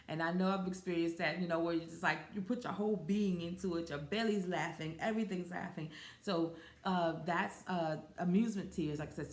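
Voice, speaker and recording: A woman in her forties hosting a podcast, talking casually and rambling with fillers and self-corrections. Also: fairly low pitch. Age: 40s. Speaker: podcast host. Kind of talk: casual solo podcast talk. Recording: roomy echo.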